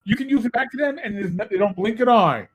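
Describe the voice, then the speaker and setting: A man with a high-pitched voice, chatting on a podcast as a former cop. He spins animated stories full of swearing. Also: fast, husky, rough recording. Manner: animated, profane storyteller. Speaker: podcast guest, former police officer. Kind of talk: casual podcast chat.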